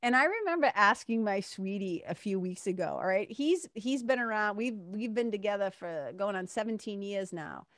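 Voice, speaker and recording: A woman's voice: mid-range voice, lively intonation, normal speed, hardly any pauses, a bit bright, no room sound, clean studio sound. A middle-aged woman, a spiritual mentor, talking in a casual, candid way with swearing and laughs. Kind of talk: casual monologue.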